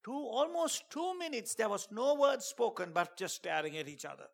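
A man preaching a sermon and telling a dramatic testimony, dropping to a hush and then rising to shouts. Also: extremely high pitch, sing-song, normal speed, gravelly. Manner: dramatic storytelling, swings from hushed to shouting; preaching with emphatic call-outs.

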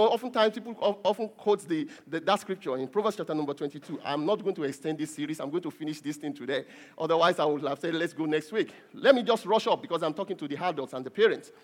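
A middle-aged male pastor preaching a sermon, emphatic, with repeated words that build to loud peaks. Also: on the high side.

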